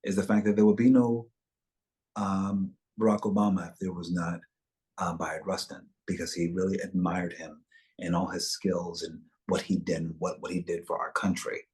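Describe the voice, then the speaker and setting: A man's voice: low-pitched, little pitch movement, normal speed, darkish tone. A man speaking as an actor guest in a webchat interview over a video call, reflective and expansive in the way he tells things.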